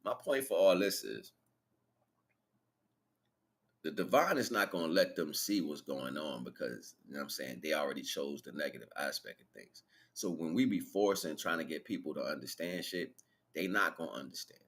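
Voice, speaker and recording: A man's voice: a bass voice, a little fast, fairly bright tone. A man hosting a livestream, talking in a loose, rambling, slang-filled way and laughing as he retells things. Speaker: livestream host. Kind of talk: casual spiritual monologue.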